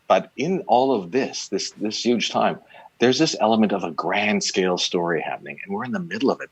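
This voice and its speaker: A man's voice: sits low, husky, no room sound. A man who is a photographer and storyteller, talking casually and with self-deprecating humor on a video call. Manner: animated, self-deprecating, laughing as he talks. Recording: dry, slightly dull video-call audio.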